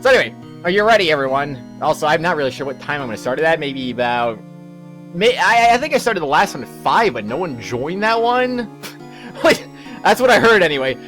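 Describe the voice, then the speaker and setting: A man's voice: on the high side, very animated, a little fast, a bit bright, soft background music. A man hosting a let's play, chatting casually in a rambling, self-correcting way. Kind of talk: casual gaming commentary.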